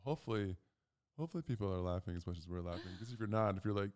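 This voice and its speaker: A man's voice: racing, clear, resonant tone. A man in his thirties co-hosts a casual chat, spinning stories with gusto. His voice rises and falls a lot, and he acts out other people's lines. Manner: animated, acts out quotes in loud, high voices. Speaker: podcast co-host.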